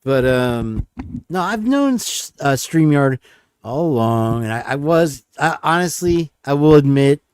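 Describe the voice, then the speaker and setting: A man's voice: a little high, expressive, unhurried, darkish tone, clean tone, no room sound, clean studio sound. A man hosting a livestream in casual chat, rambling and joking about himself. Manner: rambling, joking, self-deprecating. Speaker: stream host.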